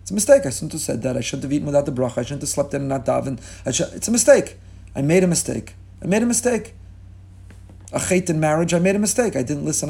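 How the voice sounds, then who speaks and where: A rabbi teaching a class delivers an impassioned, rhetorical sermon, repeating key words for emphasis and mixing in Hebrew and Yiddish terms. His voice is on the high side, gravelly and warm, with a breathy edge.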